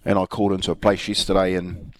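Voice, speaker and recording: A man's voice: sits low, flat delivery, fast, background noise. Laughing middle-aged New Zealand man. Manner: chatty storyteller, laughs often. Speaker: radio show co-host. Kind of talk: casual chat.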